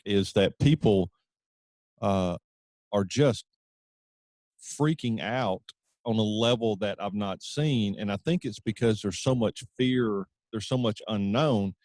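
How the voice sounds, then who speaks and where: A man's voice: on the low side, darkish tone, no echo. A man hosting an interview podcast, friendly and chatty, with frequent fillers. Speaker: podcast host. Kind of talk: casual interview talk.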